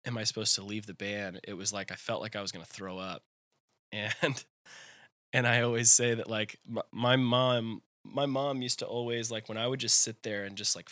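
A man's voice: on the low side, steady tone, normal speed, sharp tone, no room sound. A young man in his twenties telling a personal faith story in conversation, rambling with lots of fillers. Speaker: guest.

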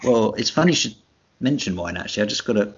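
A man with a low, gravelly voice chats on a podcast, stumbling through fillers with a dry, self-mocking wit. The sound is dull and lo-fi. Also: expressive, fast talker. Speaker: podcast co-host. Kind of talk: casual chat.

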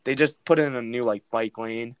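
A young man, co-hosting a casual podcast chat as an animated, slangy storyteller who leans on "dude" and "like". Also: medium pitch, normal speed, slight background noise. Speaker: podcast co-host.

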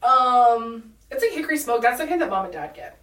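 Woman, thirties, podcast co-host, giggly, lively pitch, slightly high voice. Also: a little fast. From Washington State, US. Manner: chatty, giggly, lots of "like". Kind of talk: casual chat. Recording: echoey room, mic at a distance.

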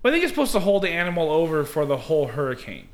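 A man co-hosting a podcast, chatting casually with quick asides and frequent laughs. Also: a little high, big pitch swings. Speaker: podcast co-host. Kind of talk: casual movie review chat.

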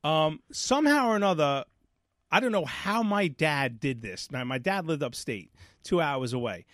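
Recorded with clean studio sound and no echo, a man in his 40s from New York speaks at normal speed in a high-leaning voice. As a podcast host telling a story in a casual chat, he's animated, performs the characters' voices, and tends to repeat himself.

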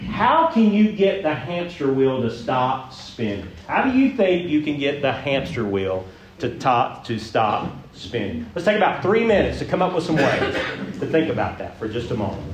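Folksy pastor in an echoey hall. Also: male voice, a little high, moderate pace, slight background noise. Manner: folksy, animated, asks the room questions. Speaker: pastor leading a group session. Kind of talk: interactive sermon teaching. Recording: roomy echo, mic at a distance.

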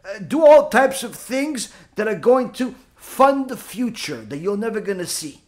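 A man with a notably high voice leads a religious class on Talmud text. He drives his points with rhetorical questions and repeats key phrases for emphasis, with Hebrew terms woven into his English. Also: sing-song, a little slow. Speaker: Torah teacher.

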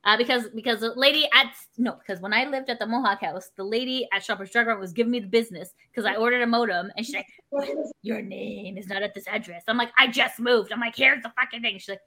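A woman's voice: on the high side, fast talker. A woman from Canada chatting casually, swearing and acting out quoted conversations. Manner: animated, swearing, acts out quotes. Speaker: performer and streamer. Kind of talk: casual chat.

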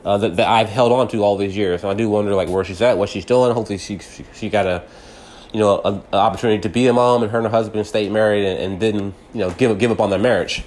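Man, 30s, low-pitched, rambling reflective monologue with lots of restarts. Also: steady tone, fast talker, darkish tone, a little hiss or hum. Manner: rambling with many restarts and fillers; grows heated and agitated when angry. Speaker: podcast host.

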